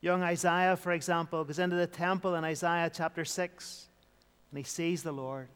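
A man's voice: on the high side, steady tone, normal speed, fairly bright tone, smooth, big-room sound. A man preaching an evening sermon in an earnest, repetitive style, building emphasis as he goes.

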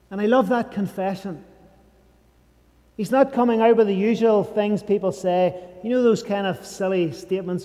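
A man preaching a sermon, emphatic and dropping to a hushed voice on key phrases. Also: sits high. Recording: long reverb of a large hall.

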